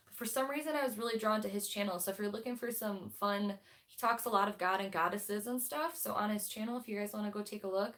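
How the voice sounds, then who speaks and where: A woman's voice: mid-range voice, fairly bright tone. A young woman hosting a book club livestream, talking casually and bluntly with lots of fillers and restarts.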